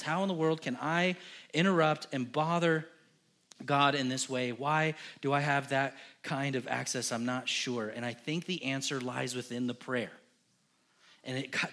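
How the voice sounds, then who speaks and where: A pastor preaching a sermon in a church, impassioned, with emphatic repeated lists, swinging from hushed to loud. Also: male voice, mid-range voice, steady tone, moderate pace.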